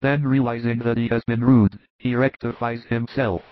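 A man narrating a religious audiobook in a measured, descriptive way. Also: medium pitch, flat delivery, no echo. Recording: dry, slightly dull sound.

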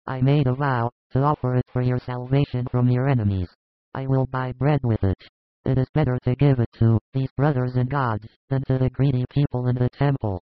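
A man playing a humble, sincere disciple who speaks quietly and earnestly. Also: medium pitch, fairly even intonation, fairly quick, dry recording, dull audio, natural voice.

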